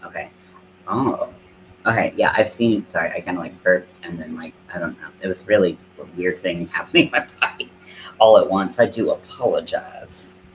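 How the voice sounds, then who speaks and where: A man's voice: sits low, normal speed, a little hiss or hum, rough recording. A man with a Southern American accent, chatting casually and rambling with lots of fillers while he crochets on a live stream. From Southern United States. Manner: rambling, filler-heavy, self-deprecating.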